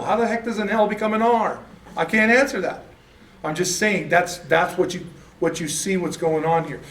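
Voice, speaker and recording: A man teaching a beginner's class in a casual, folksy way, often correcting himself as he explains. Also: sits high. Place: church classroom. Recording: echoey room, mic at a distance.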